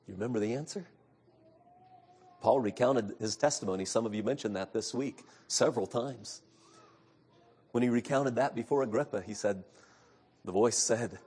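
A man's voice: moderate pace, slightly rough. Earnest male preacher delivering a sermon. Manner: swings from loud emphatic passages to hushed, low storytelling; earnest, preacherly retelling of scripture. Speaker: pastor.

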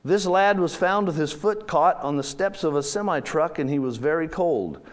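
Formal woman social worker, matter-of-fact, storybook reading, read by a man, slightly high voice. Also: expressive, moderate pace, natural voice. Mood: concerned.

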